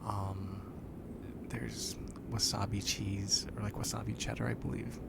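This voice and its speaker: A man hosting a whispered ASMR live chat, talking softly with his viewers. He is a bit congested. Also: on the low side, little pitch movement, unhurried, creaky, heavy background noise. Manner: soft whispering, chatting with viewers. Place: lying down.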